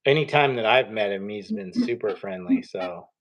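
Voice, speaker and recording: A man chatting casually as a guest, relaxed and trailing off at the end of his thoughts. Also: lowish voice, moderate pace. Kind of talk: casual chat. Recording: muffled lo-fi stream audio.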